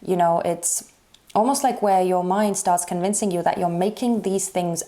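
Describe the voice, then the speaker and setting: A woman giving a casual tarot reading to her viewers, talking haltingly and searching for words with many fillers. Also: on the low side, warm tone. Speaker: tarot reader.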